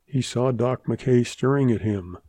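A man narrating a western story in a measured, deliberate reading voice. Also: medium pitch, warm tone, no echo.

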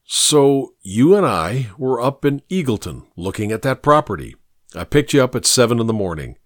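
A man playing a no-nonsense best friend in an audiobook, blunt and matter-of-fact with a dry sarcastic edge. His lively voice moves up and down, recorded close and dry. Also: mid-range voice, moderate pace, no room sound, natural voice.

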